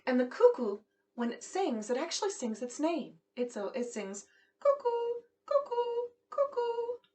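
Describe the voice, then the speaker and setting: A woman music teacher patiently explaining a song to children in a simple, gentle way. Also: fairly high pitch, very animated, moderate pace.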